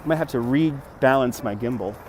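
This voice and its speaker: A man's voice: medium pitch, moderate pace, darkish tone, a little hiss or hum. A man from Brooklyn, chatting casually on a livestream outdoors by a city river, reading viewers' messages aloud and thanking donors, on a phone on a gimbal. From Brooklyn, New York. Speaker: livestream host.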